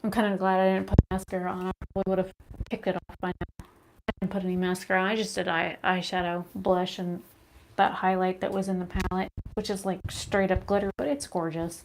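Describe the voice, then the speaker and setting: A woman chatting to a phone camera at home, rambling and animated as she tells stories between makeup steps. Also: mid-range voice, fairly quick, slight background noise. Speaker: beauty vlogger. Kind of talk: casual chat while doing makeup. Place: her home, indoors. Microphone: phone camera at arm's length.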